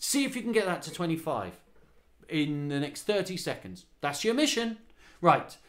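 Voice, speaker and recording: A man's voice: a little high, sing-song, moderate pace, a bit bright. Man leading a children's choir rehearsal. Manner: sings lines then counts children in, chatty and encouraging. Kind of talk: live online singing rehearsal. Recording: home livestream with guitar. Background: acoustic guitar he plays.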